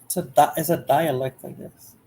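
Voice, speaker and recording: A woman's voice: sits low, fairly even intonation, moderate pace, mellow, low-quality recording. Chatty woman livestreamer. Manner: chatty, talks to viewers in chat by name; drowsy, rambling with fillers and restarts. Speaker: livestream host. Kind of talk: casual livestream chat.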